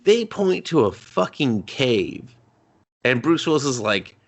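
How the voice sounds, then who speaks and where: A man co-hosting a podcast, reviewing a movie in a profane, jokey way and jumping into quick character impressions. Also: mid-range voice, sing-song. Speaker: podcast co-host. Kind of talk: casual comedic movie review.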